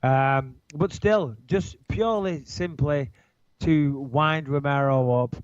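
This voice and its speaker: A man's voice: on the high side, slow, smooth, no echo, muffled recording. A man in his thirties from just outside Manchester, with a nasal Manchester accent, talking brashly and profanely on a casual podcast. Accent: Manchester English. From England. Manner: brash and profane, with lively impressions. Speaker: podcast host.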